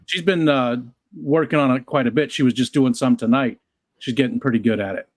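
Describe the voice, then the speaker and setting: Male livestream guest, mid pitch, dry sound, rambly. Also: brisk, dry recording. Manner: rambling, repeats himself. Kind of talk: casual livestream chat.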